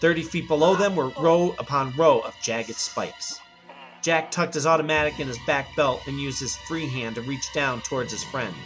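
A man narrating an action story in a steady reading voice. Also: medium pitch, moderate pace, over music.

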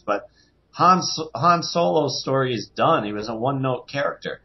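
A man co-hosting a podcast in casual chat, animated and acting out quotes in different voices. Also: mid-range voice, brisk, lo-fi sound. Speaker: podcast co-host.

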